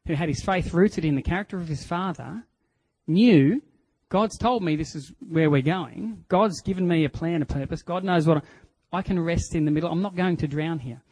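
A middle-aged Australian man preaching a sermon, telling stories and acting out voices, swinging from hushed to loud. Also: a little high, moderate pace, low-quality recording. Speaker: pastor.

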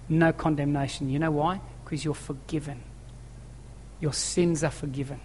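At a normal speed, a man with a voice on the high side gives a sermon to his congregation, emphatic and fond of repeated phrases and rhetorical questions. Slight background noise accompanies the long church-hall echo.

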